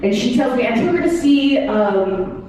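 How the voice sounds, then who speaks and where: A woman's voice: fairly high pitch, expressive, moderate pace, warm tone, slight background noise. A woman performing a stand-up comedy set, telling wry stories and acting out short quotes, heard from far off in an echoey live room.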